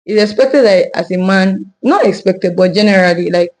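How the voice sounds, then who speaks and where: A woman co-hosting a casual conversation, telling stories in an animated way. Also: medium pitch, moderate pace. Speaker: co-host. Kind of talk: casual chat.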